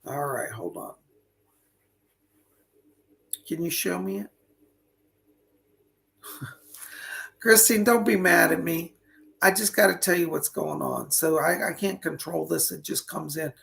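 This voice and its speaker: A man's voice: on the high side, animated, measured pace, creaky, long pauses, a bit bright. A man hosting a live online psychic reading, talking chattily, greeting viewers by name, and losing his voice.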